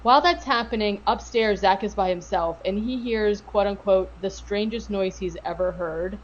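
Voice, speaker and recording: Woman podcast co-host, mid pitch, rambling casual recap, slightly dull lo-fi audio. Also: normal speed. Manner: rambling, lots of filler words and swearing. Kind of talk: casual chat recapping a TV episode.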